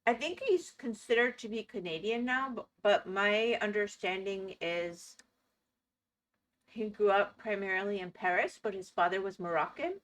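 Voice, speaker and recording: A woman's voice: medium pitch, moderate pace, fairly bright tone. A woman streaming live, chatting playfully and laughing as she reacts to videos. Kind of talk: casual live-stream chat.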